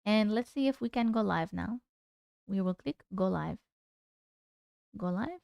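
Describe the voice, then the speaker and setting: A woman's voice: mid-range voice, lively intonation, measured pace, gravelly, a little mellow, no room sound. A woman hosting a live stream, chatting casually and answering viewer comments aloud. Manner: asks viewers to vote. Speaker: livestream host. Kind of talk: casual livestream chat with viewers.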